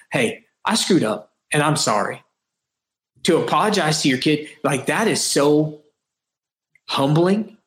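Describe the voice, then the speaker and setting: A man's voice: on the high side, fairly bright tone. A man guesting on a podcast, talking earnestly and reflectively in long runs with frequent restarts. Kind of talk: casual interview chat. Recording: roomy echo.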